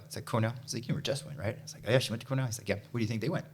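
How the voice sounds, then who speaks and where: A young man co-hosting a casual fitness podcast, an animated storyteller who swears and mimics others. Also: medium pitch, very fast, slight background noise. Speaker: podcast co-host and coach. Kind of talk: casual chat.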